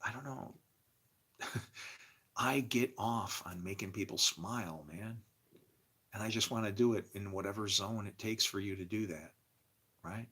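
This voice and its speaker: A man's voice: lowish voice, unhurried, pauses often, slightly rough. Rambling, emotional older man streaming live. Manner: rambling, emotional, laughs often, swings from loud to quiet. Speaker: livestream host. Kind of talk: casual rambling livestream talk.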